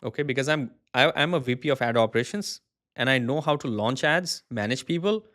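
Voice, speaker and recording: Animated storytelling man, interview guest. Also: mid-range voice, brisk. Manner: animated, acts out other people's words while telling stories. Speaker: agency founder, guest.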